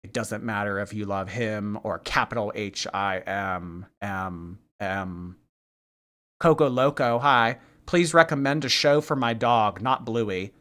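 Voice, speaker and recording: A man hosting a livestream, reading viewer messages aloud and answering with quick snarky reactions. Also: fairly low pitch, a bit bright. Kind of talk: casual livestream chat.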